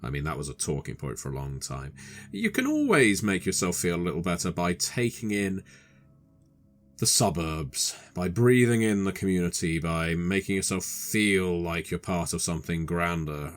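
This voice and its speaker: A man narrating a tabletop horror game as game master in a slow, atmospheric way. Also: low-pitched, sing-song.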